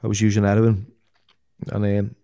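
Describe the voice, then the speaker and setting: A man's voice: fairly low pitch, monotone, moderate pace, warm tone. A middle-aged man, a podcast guest talking candidly, bluntly and full of swearing, often restarting his sentences. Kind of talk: candid interview talk.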